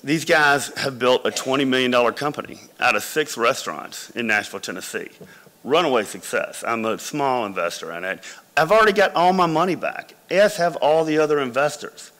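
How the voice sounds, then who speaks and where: A man's voice: medium pitch, a little fast, fairly bright tone. A man, a company founder, giving a conversational business talk full of anecdotes to MBA students, with hall reverb around him.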